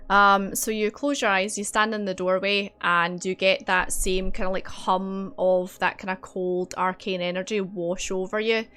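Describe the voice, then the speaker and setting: A woman narrating as dungeon master for a tabletop game, relaxed and chatty with lots of fillers. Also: medium pitch, normal speed, few pauses, smooth. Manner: relaxed, filler-heavy narration with easy laughs. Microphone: streaming mic.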